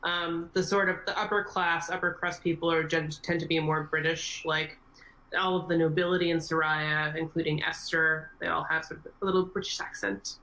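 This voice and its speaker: A woman's voice: deep voice, little pitch movement, normal speed, bright, forceful tone, poor audio. A woman game master on a podcast Q&A, explaining at length in a casual, meandering way. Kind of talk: podcast Q&A chat.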